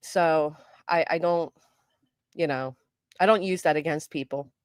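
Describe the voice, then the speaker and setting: A middle-aged woman hosting a live stream, chatting casually with viewers, greeting them by name, and talking fast and loud. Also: low-pitched, dry recording, clean studio sound. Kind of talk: casual live chat, reading comments.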